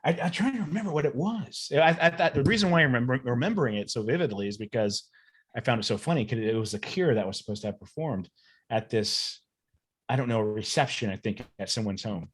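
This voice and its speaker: Man, podcast guest, mid-pitched voice, relaxed, enthusiastic, rambling. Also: quick pace, husky. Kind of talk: casual podcast chat.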